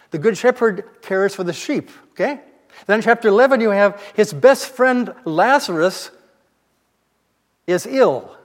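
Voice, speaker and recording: Guy preaching, high voice, telling bible stories like chatting, church hall echo hanging on. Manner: conversational storytelling, retelling scripture in plain words. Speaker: pastor. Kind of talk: sermon.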